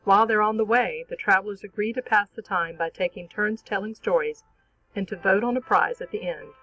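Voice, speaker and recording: A teacher giving a clear, measured, scripted narration for an online literature lesson. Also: medium pitch, sharp tone, low-quality recording. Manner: clear, measured explanatory reading.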